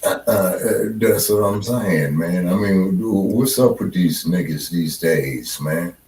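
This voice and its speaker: A man's voice: low voice, slow pace, a little mellow, recorded from a distance, slight background noise. A man co-hosting a casual political chat, talking bluntly and profanely with strong emphasis. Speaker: co-host. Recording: roomy echo, set back from the mic.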